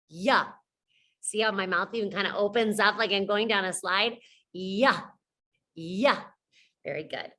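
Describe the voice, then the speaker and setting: A woman teacher leading a children's phonics lesson, encouraging and modeling each sound slowly. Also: on the high side, bright, forceful tone.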